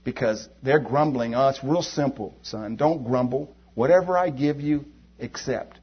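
A man voicing God as a calm, firm father figure, speaking low and softly. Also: unhurried, breathy edge, lo-fi sound. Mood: gently firm.

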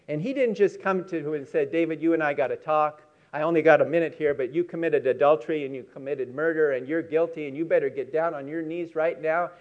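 A man preaching a sermon, telling a story with emphatic, slowed key words. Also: high voice, darkish tone, dull audio.

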